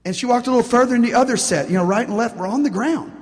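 A man preaching a sermon in an animated way, calling out to the congregation for responses, recorded in a church. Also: very high-pitched, racing. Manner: animated, call-and-response preaching with frequent "Amen?". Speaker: pastor. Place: church sanctuary. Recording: long reverb of a church hall.

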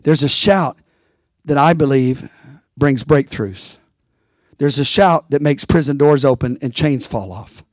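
A man's voice: mid-range voice, a little slow, no echo, studio quality. A pastor preaching a rousing sermon, calling out to his congregation.

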